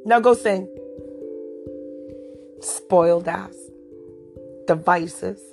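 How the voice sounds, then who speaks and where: A woman's voice: lowish voice, extremely slow, creaky, darkish tone, soft background music. A woman hosting a podcast from home, chatting casually in a teasing, playful way and laughing often. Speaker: podcast host. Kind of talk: casual chat. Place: at home, back porch.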